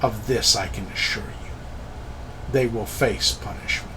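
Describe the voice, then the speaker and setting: A man voicing a calm, menacing male spellcaster with a slight African accent, speaking quietly and measuredly. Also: fairly low pitch, measured pace, background noise, voice pushed down, natural voice. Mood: assured.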